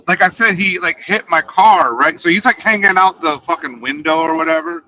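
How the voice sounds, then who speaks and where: A man chatting casually, rambling through a story, his voice fading quietly at the ends of his sentences. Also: on the high side, moderate pace, low-quality recording. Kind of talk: casual chat.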